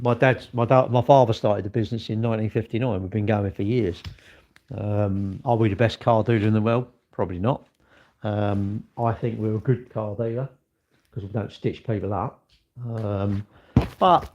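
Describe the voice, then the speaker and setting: A man's voice: on the low side, vocal fry, a little mellow. A man chatting casually on a live stream, rambling and answering viewer comments as he goes. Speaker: livestreamer and car dealer. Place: at work, indoors.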